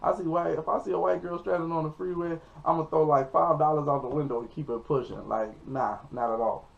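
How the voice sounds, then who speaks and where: Gravelly man telling a lively story. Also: fairly quick. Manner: animated, acts out quotes with sudden high-pitched yelps. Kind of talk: casual storytelling vlog. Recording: dull lo-fi recording.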